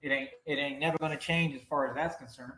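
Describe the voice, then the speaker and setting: A man's voice: medium pitch, fairly even intonation, fast talker, bright, forceful tone. Boastful man taunting his viewers. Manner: boastful, taunting, repeats "right?". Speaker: streamer in a reacted clip.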